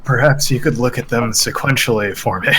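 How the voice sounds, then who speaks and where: A man's voice: medium pitch, a little fast. A man playing a tabletop game, talking wryly and unhurriedly over a noisy line. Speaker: player. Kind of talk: casual chat at a tabletop game.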